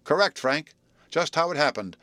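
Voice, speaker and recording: A man's voice: a little high, animated, normal speed, sharp tone, no echo, pitched above the performer's own voice. A man voicing a good-humored young man with a wry, joking manner in a storybook reading.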